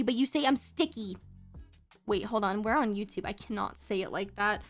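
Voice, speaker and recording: A woman streaming as a VTuber, chatting casually with her viewers while drawing. She talks in a playful, teasing way and swaps between very fast and deliberately slow speech. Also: mid-range voice. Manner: teasing, mock-offended outbursts at chat. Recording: faint background music.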